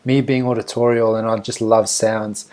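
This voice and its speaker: A man's voice: on the low side, flat delivery, normal speed, darkish tone. A man with a strong South African accent, co-hosting a podcast in casual chat and laughing easily. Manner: laid-back, laughs easily. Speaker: podcast co-host.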